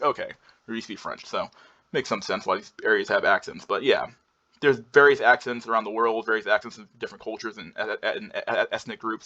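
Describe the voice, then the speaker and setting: A man's voice: on the low side, bright, forceful tone. A man giving a casual talk over slides, rambling with lots of fillers and restarts. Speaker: presenter going through slides. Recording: dull lo-fi sound.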